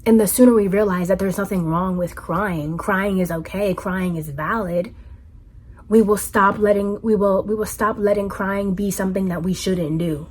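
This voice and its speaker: A woman's voice: mid-range voice, normal speed, darkish tone, breathy edge. A woman vlogger talking in an earnest, heartfelt way, repeating phrases for emphasis. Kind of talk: reflective personal monologue.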